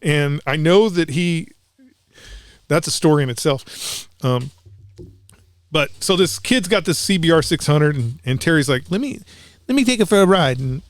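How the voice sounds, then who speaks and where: On a podcast, a former Marine who co-hosts the show spins rambling military stories in casual chat, restarting often and acting out quotes. His voice runs on the high side, animated, at a moderate pace.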